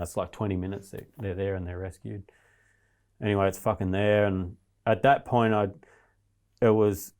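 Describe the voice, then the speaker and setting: A man's voice: low voice, a little mellow. A man, a podcast guest, recounting a survival ordeal in casual, heavily sworn storytelling. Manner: swears constantly, restless retelling of his ordeal.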